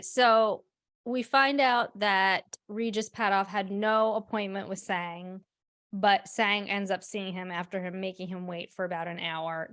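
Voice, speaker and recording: A woman co-hosting a podcast walks through a TV episode in loose, blunt chat, dropping swear words as she goes. Her voice sits at an everyday female pitch. The recording is close and dry, with no room sound. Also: a bit bright, no room sound. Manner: blunt, swears freely while recapping. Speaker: podcast co-host. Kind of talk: casual podcast recap.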